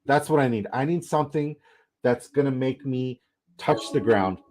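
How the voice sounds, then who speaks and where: A young man hosting a casual livestream, excitable, rambling and profane as he chats with viewers. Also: mid-range voice, normal speed. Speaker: livestream host.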